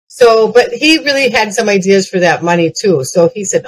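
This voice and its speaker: Her voice sits on the low side and moves fairly quickly, with hardly any pauses. She's an older woman giving a comedic keynote full of lively, punchline-driven personal anecdotes and frequent restarts, captured on a rough recording with a little hiss or hum.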